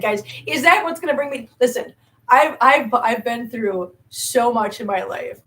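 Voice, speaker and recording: A woman's voice: fairly high pitch, unhurried, a bit bright. A middle-aged woman hosting a casual live stream, chatting loosely with viewers, restarting sentences and laughing at herself. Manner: chatty, rambling, frequent restarts and self-laughs; reads viewer chat aloud. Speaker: YouTube cat channel host.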